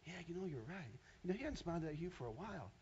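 A man voicing a quiet, insinuating inner voice that plants doubts during a sermon. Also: fairly high pitch, big pitch swings, racing, highs cut off, slight background noise. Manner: murmuring, insinuating. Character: nagging, whispering male inner voice.

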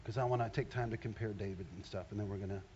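A man's voice: fairly low pitch, steady tone, very fast, darkish tone, highs cut off, a little hiss or hum. An older man preaching a sermon in a conversational way, often rising into emphatic bursts. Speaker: pastor.

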